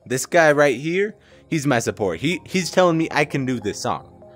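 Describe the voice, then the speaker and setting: A young man with a slightly higher voice, narrating his gameplay in a playful, exaggerated way. His pitch swings widely as he jokes and overreacts, with faint game music underneath. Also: big pitch swings, moderate pace. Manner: joking, exaggerated, melodramatic outbursts. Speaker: gaming streamer. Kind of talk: playful gaming commentary.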